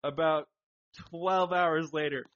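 Podcast co-host, man, excitable and foul-mouthed, higher voice, muffled lo-fi sound. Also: slow pace. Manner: excitable, swears, laughs a lot. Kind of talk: casual chat. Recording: dull lo-fi sound.

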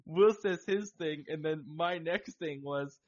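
Podcast co-host, man, excitable and foul-mouthed, higher voice, muffled lo-fi sound. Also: unhurried. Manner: excitable, swears, laughs a lot. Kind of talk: casual chat. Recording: dull lo-fi sound.

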